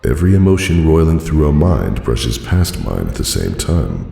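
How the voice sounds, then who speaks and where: A man narrating a fan audiobook in a dry, formal storytelling manner with a gravelly voice. His voice carries a roomy reverb. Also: a bass voice, dark tone.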